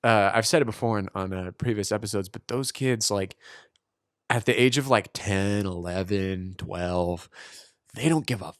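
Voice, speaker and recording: A man's voice: lowish voice, normal speed, smooth, no room sound, studio quality. A young man co-hosting a podcast, joking, laughing often and mimicking people in casual chat. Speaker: podcast co-host.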